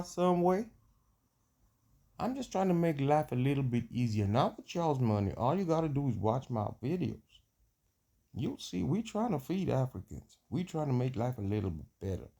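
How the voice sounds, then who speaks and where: A man's voice: fairly high pitch, dark tone. A man putting on a brash American drawl. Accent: put-on American. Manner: boastful, slangy, slow and drawling.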